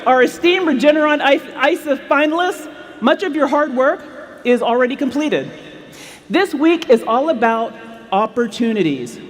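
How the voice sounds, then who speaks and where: High, lively woman hosting a ceremony. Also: in a large hall. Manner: builds hype, calling out country names with rising excitement. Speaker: ceremony host. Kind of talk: scripted event announcing.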